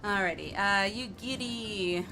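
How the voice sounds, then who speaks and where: A woman's voice: mid-range voice, slow pace, background noise. A young woman streamer chatting casually over her gameplay, giggly and rambling with lots of fillers. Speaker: game streamer. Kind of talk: casual let's-play commentary.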